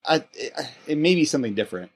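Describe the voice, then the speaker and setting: A man's voice: a little high, big pitch swings, fast. A man hosting a casual chat, talking in loose rambling stretches with many restarts. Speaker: podcast host.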